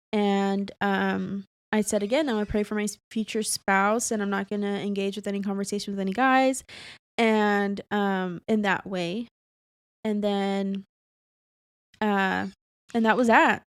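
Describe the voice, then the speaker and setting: A woman's voice: mid-range voice, smooth, no room sound. Chatty young woman telling her story. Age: young adult. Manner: chatty, many "like" fillers, close to tears. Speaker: podcast co-host. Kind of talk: casual chat, telling a personal story.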